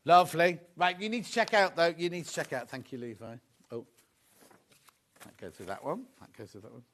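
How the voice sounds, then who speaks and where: A man's voice: a little high, brisk, a bit bright. A man presenting a live home shopping show in a TV studio, chatting and gushing over the products.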